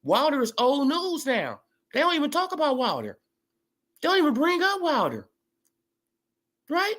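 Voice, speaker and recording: A woman ranting heatedly in a sports commentary vlog, swearing freely and calling people out. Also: on the high side. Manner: profane, heated, animated.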